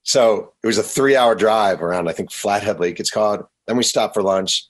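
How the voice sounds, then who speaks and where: A man being interviewed as an author, telling lively anecdotes and acting out quotes. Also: on the low side, moderate pace. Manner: animated anecdotes, acts out quotes. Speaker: author guest. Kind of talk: storytelling interview.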